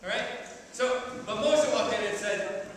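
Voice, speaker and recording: A man tells a folktale to a live audience with playful energy, and his voice is high for a man. He sounds distant in a big, reverberant hall. Steady noise sits under the whole recording. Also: a little slow. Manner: animated, playful, checks in with audience. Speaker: storyteller. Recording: echoey hall, mic far off, background noise.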